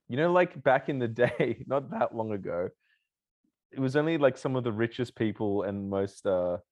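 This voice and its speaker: Enthusiastic male co-host, animated pitch, rambles with fillers. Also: muffled recording. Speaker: podcast co-host. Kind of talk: casual chat.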